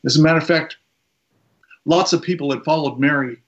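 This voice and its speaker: Guy preaching, kinda high voice, slows down to make a point, muffled-ish audio. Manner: retells a story with quoted voices, slows for emphasis. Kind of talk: sermon storytelling.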